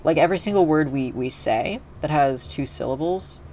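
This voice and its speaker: A man's voice: on the high side, normal speed, slight background noise. A young man streaming a video game, chatting casually in a rambling way with lots of fillers and restarts. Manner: rambling, filler-heavy, self-interrupting. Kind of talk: casual gaming livestream chat.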